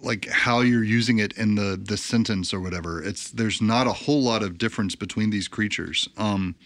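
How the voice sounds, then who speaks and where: A man's voice: on the low side, normal speed, a bit bright, dry recording. American man rambling on a podcast. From United States. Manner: rambling, hesitant, fills with ums. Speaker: podcast co-host. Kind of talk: casual podcast chat.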